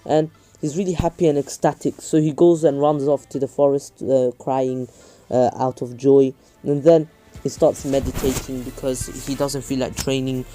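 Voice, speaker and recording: A young man narrating a fan story off the cuff, halting and full of restarts. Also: mid-range voice, steady tone, warm tone, faint music behind. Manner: halting, many fillers and restarts.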